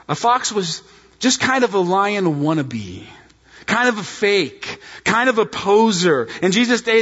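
A man preaching a sermon, animated and emphatic, speaking directly to his congregation. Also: high voice, in a large hall, muffled recording. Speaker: pastor.

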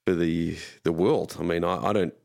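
A man's voice: sits low, fairly even intonation, normal speed, vocal fry, a little mellow. An Australian man, a pastor, chatting as a guest in a rambling, self-deprecating way. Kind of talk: casual conversation.

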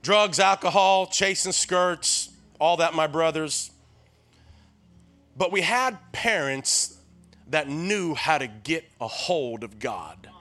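Man in his 60s, tennessee accent, guest preacher, sermon, high-ish voice, rousing call-and-response. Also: slow. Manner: lively call-and-response, keeps urging the crowd on; folksy storytelling with frequent restarts.

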